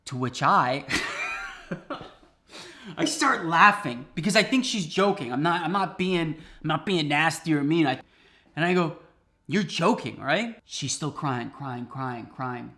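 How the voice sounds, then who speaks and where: A man with a bright, slightly high voice tells a funny personal story while he cooks. He talks in a lively, chatty way and laughs often. He sounds like he is in a home kitchen. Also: a little slow. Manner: animated, laughing, conversational. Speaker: host. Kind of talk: comic storytelling while cooking.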